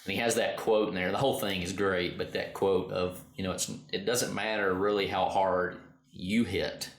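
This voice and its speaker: Host: man, very low voice, earnest, restarts a lot, echoey room. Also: moderate pace. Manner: earnest, animated when quoting, with repeated restarts. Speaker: podcast co-host. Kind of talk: casual chat.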